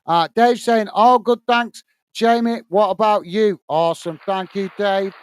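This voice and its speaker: High, smooth-voiced British man hosting. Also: unhurried, no room sound. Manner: friendly, reads viewer comments aloud and greets them as mate. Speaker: host of a football watch-along stream. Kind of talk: live chat reading during a match stream.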